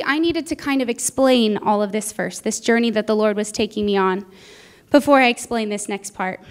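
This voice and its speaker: High-voiced woman preaching a sermon. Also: clear, resonant tone. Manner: earnest, personal storytelling with acted-out quotes. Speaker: guest preacher. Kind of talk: Sunday sermon. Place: church sanctuary.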